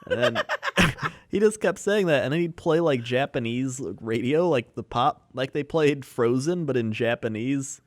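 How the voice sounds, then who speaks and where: A man's voice: mid-range voice, animated, unhurried, no echo. Man in casual podcast chat, dry close mic. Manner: loose storytelling with many fillers. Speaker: podcast co-host.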